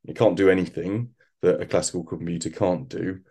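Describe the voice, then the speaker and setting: A man speaking as an expert guest in a conversational interview, thoughtful and halting, with frequent restarts. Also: low-pitched, steady tone, warm tone, husky. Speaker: quantum computing expert guest.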